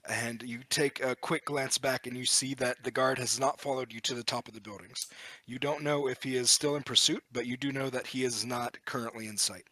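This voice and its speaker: A man narrates as game master, describing scenes and calling for dice rolls with relaxed good humor. His voice is bright, the sound is dry, and he has the pace of an easy storyteller. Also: mid-range voice, a little fast, dry recording.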